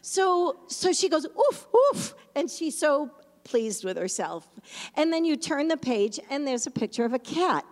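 A woman pastor telling a story in a sermon, animated at times and hushed and reflective at others. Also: sits high, moderate pace, big-room sound.

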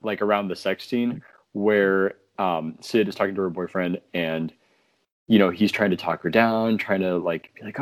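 A man's voice: sits low, moderate pace, no room sound. A young man casually sharing favorite movie quotes, amused, with plenty of "um.". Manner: amused, filler "um", quoting lines.

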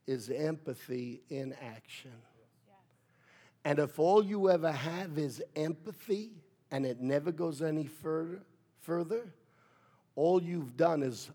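A man preaching a sermon as pastor, with playful asides, building from quiet talk to shouted preaching. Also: on the high side, slow, pauses often, slightly rough.

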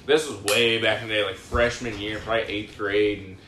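A man's voice: fairly low pitch, flat delivery, brisk, recorded from a distance. A young man in a casual podcast chat, rambling and profane, with lots of fillers. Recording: echoey room with faint noise.

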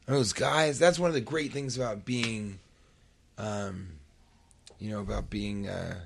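Gravelly man telling a funny story. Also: on the low side, a little slow, a little hiss or hum. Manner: animated, acts out sounds and voices. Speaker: podcast host. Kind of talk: casual comic storytelling.

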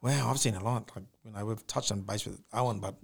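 A man's voice: on the low side, a little fast, gravelly. A man telling a personal ghost story in casual chat, acting out the sounds he heard. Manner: animated storyteller, mimics the noise with rising howls. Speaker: podcast co-host.

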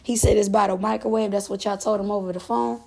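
A woman's voice: mid-range voice, fairly even intonation, quick pace, creaky, dark tone, husky. A woman in her twenties hosting a podcast, telling a story in a loose, profane, casual monologue. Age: 20s. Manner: loose, profane, laughs often. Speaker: podcast host.

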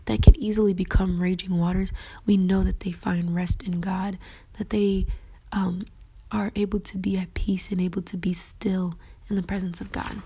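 A woman giving a casual devotional talk about her journaling, earnest and reflective, often dropping into a soft whisper. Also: medium pitch, flat delivery, normal speed, slightly rough. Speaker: faith vlogger sharing her journaling.

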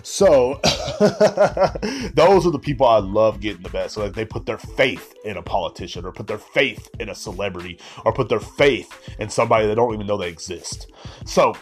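Guy with a lowish voice cussing and rambling on his podcast, faint music behind. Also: lively intonation, fairly quick. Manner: rambling, profane, laid-back. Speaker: podcast host. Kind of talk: casual solo rant.

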